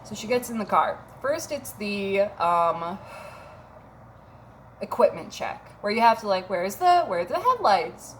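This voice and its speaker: A woman's voice: medium pitch, sing-song, measured pace, slight background noise. A woman in her thirties, from Minnesota, tells a casual story on her vlog with a wry, self-mocking manner and plenty of swearing. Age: 30s. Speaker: vlogger.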